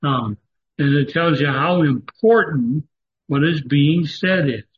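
A man teaching a Bible study lecture, halting often with fillers and stressing words for emphasis, on a dull lo-fi recording. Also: fairly high pitch, expressive. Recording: dull lo-fi recording with faint noise.

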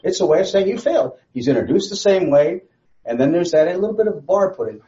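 A man leading a relaxed Bible study, his pitch swooping up and down as he presses a point with rhetorical questions. His voice is mellow and a little high for a man. The recording sounds dull and lo-fi. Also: fast talker. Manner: emphatic, rhetorical questions, repeats phrases. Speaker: Bible teacher.

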